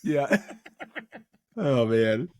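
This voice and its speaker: A man's voice: medium pitch, animated, drawn-out words, no echo, clean studio sound. A man co-hosting a podcast, recapping a comedy film in casual chat and laughing often. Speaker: podcast co-host.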